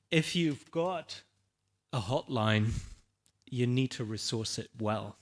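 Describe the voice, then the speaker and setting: Male panelist, mid-pitched voice, loose conversational delivery with restarts and check-ins. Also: measured pace, a bit bright. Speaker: conference panelist. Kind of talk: conference presentation.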